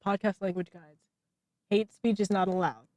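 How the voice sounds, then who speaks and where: A young woman hosting a college radio podcast, teasing her co-host in quick, casual banter. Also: medium pitch, steady tone, darkish tone, no echo. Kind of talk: casual chat.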